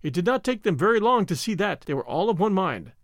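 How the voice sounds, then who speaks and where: Guy reading an adventure story, lively high voice, very dry sound. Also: quick pace, no room sound. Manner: expressive storytelling. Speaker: narrator. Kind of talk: scripted narration.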